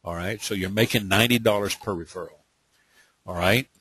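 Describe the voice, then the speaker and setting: A man's voice: lowish voice, a little fast, fairly bright tone, husky, no room sound. A man giving a live webinar training, blunt and emphatic, speaking in bursts and checking in with frequent "okay?". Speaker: online business trainer.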